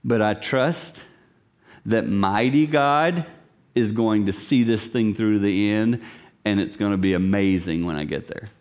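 A middle-aged man preaching a sermon to his congregation. He talks animatedly, swinging between loud lines and hushed whispers and acting out voices. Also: on the low side, a little slow. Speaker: pastor.

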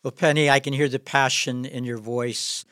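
A middle-aged man hosting a podcast, speaking in a measured, conversational way. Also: mid-range voice, steady tone, a bit bright, smooth, dry recording, studio quality. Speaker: podcast host. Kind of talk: interview talk.

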